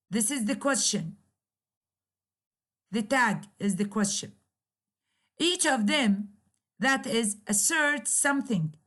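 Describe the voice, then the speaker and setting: A woman lecturer explaining English grammar slowly, repeating key points and modeling example sentences. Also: a little high, fairly bright tone. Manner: slow, repetitive explaining with examples.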